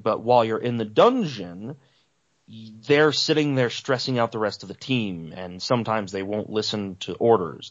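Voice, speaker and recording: A man co-hosting a podcast, explaining at length with enthusiasm in casual chat. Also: fairly low pitch. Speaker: podcast co-host. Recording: dull lo-fi audio.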